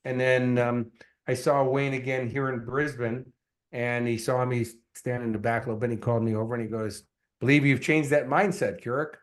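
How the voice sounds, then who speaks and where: A man, a success coach and guest, telling his story in an earnest, animated way, with many fillers. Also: mid-range voice. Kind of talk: casual interview storytelling.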